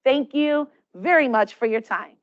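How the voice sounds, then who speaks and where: A woman's voice: high voice, measured pace, muffled recording. A woman giving children friendly, encouraging advice on caring for their teeth. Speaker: dental health presenter. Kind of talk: instructional talk to children.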